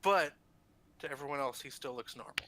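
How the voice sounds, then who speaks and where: A man's voice: medium pitch, brisk, noisy background. A man narrating as game master of a tabletop game, with hesitant restarts.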